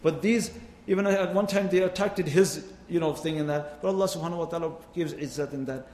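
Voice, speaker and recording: An Islamic preacher with a fairly high, darkish voice delivers a sermon fairly quickly, his impassioned delivery rising and falling as he mixes in Arabic phrases. The recording carries the echo of a hall with faint ambience.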